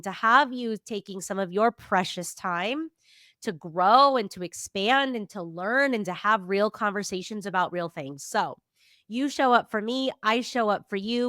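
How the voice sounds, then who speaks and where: A woman in her thirties, a therapist, hosts a motivational podcast in a mid-range, slightly bright voice, recorded cleanly in a studio with no echo. Allergies leave her sounding nasal and stuffy, yet she stays upbeat and emphatic, swearing casually.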